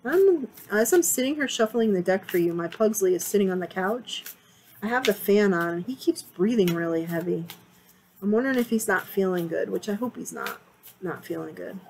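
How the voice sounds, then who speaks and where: A chatty woman at home talks her way through a tarot reading, rambling and circling back on her words. Her pitch sits in a middle range for a woman, and she speaks in a loose, conversational way. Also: expressive, moderate pace, darkish tone, a little hiss or hum, low-quality recording. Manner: chatty, rambling, repeats herself. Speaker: tarot reader. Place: home, sitting on a couch area with a fan on.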